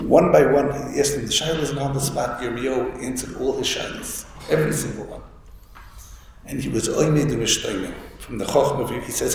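A man tells a story in a Torah lecture, restarting phrases as he goes. His voice is gravelly and mid-pitched. The sound rings through a large hall with long reverb. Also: fairly quick. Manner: storytelling, with many restarts and Hebrew and Yiddish terms. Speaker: rabbi giving a Torah talk. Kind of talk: Yiddish-inflected Torah lecture. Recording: echoey hall with faint room noise.

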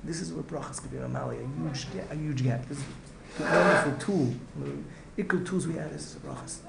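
A rabbi gives a heartfelt Torah class in a gravelly, rapid voice that sits on the high side, speaking earnestly, repeating himself, restarting phrases, and slipping in Hebrew and Yiddish words. The echoey room carries faint ambience, and the recording is very noisy.

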